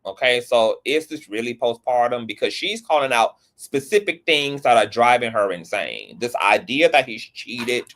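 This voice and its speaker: Male vlogger with a mid-pitched voice, blunt and profane, commenting on gossip. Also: lively intonation, moderate pace, hardly any pauses, a bit bright. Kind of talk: casual commentary.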